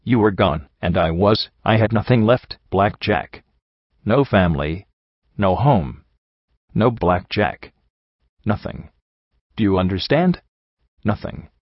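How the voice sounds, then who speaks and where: A man doing a sobbing, scolding young pony mare, low-voiced, close and dry. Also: animated, takes it slowly, long pauses, no echo, lo-fi sound. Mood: hurt, pleading. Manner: emotional, pleading, sobbing delivery. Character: tearful young female pegasus pony, hurt and scolding.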